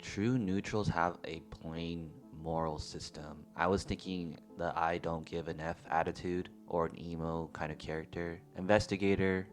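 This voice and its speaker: A young man giving casual, self-mocking voice-over commentary on his drawings, speaking close to the mic. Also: deep voice. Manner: wry, offhand, self-mocking. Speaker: art youtuber. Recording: faint music behind.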